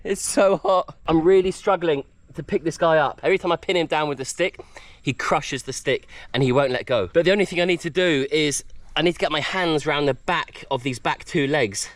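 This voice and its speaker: A man vlogging while he hunts food outdoors on a tropical island, excitable and out of breath, exclaiming as he narrates. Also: fairly high pitch, normal speed, dry recording. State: out of breath, sweating. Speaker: bushcraft vlogger. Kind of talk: excited handheld outdoor vlog.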